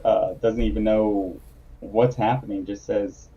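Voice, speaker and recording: A man narrating his turn in a tabletop game in a halting, hesitant way. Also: on the low side, fairly even intonation, mellow, husky, highs cut off. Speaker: player.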